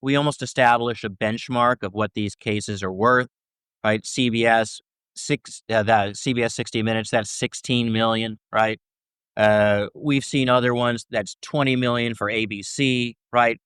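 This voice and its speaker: A First Amendment scholar, appearing as an interview guest, gives long explanations and checks in with "right?" between points. His voice is medium-pitched, fairly bright, clear and resonant, with fairly even intonation and a slightly slow pace. The recording is dry and studio quality.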